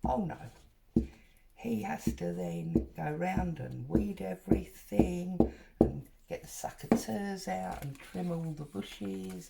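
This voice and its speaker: A woman's voice: lowish voice, lively intonation, slow, creaky, heavy background noise. A middle-aged woman, chatting and telling a rambling story while she does paper crafts at home. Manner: chatty, rambling, wanders off and back to her story. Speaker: craft vlogger.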